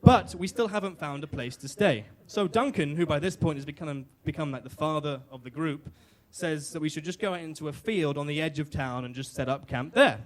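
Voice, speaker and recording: A British man with a fairly high voice tells a story live on stage into a microphone. His delivery is wry and self-mocking, full of little restarts and fillers. He lets the absurd bits land with dry understatement. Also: brisk, hardly any pauses. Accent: British English. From Britain.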